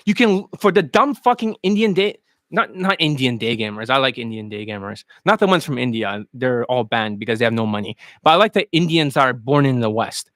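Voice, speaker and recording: A man giving a coaching rant as a dating coach, crude, animated and mocking. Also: on the high side, normal speed, no echo, clean studio sound.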